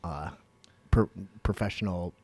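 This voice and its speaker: Low, blunt man on a podcast. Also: a little slow, a little mellow, no echo. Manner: blunt, swears casually. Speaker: podcast co-host. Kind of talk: casual chat.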